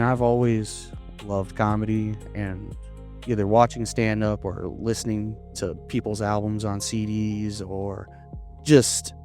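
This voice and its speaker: A young man from Florida, a comedian guest in a casual interview, talking in a hesitant, halting way with many restarts. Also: fairly low pitch, a little mellow. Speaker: podcast guest, stand-up comedian.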